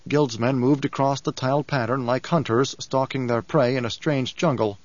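A man reading an audiobook in a measured, steady storytelling manner. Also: medium pitch, no room sound. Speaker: audiobook narrator. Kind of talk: scripted audiobook narration. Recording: dull dry studio recording.

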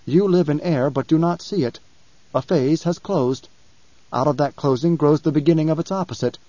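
A man voicing a young god-emperor, calm and imperious, speaking in a measured, commanding way. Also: a little high, no echo, muffled recording, natural voice. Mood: cryptic.

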